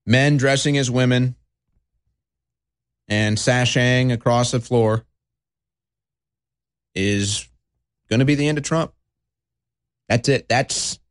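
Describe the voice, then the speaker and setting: A man hosting a talk radio show, mocking and sarcastic with dramatic pauses. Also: mid-range voice, dry recording, clean studio sound. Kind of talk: talk radio monologue and call-in.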